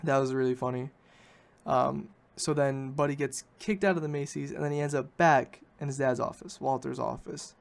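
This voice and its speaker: A man's voice: mid-range voice, steady tone, moderate pace, gravelly. A man hosting a podcast, recapping a film in a rambling, casual way and often correcting himself. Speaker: podcast host.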